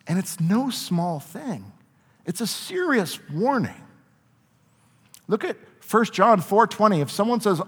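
A man preaching a sermon as a pastor, earnest, shifting between quiet reflection and forceful emphasis. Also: high voice, sing-song, takes it slowly, slightly rough. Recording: long reverb of a large hall.

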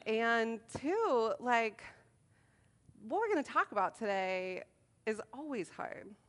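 A woman in her thirties with a fairly high voice addresses a group of moms. She tells stories in an animated, self-mocking way and keeps the room laughing. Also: takes it slowly. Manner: animated, self-deprecating storytelling. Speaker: speaker at a moms' meeting. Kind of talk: humorous talk to a group.

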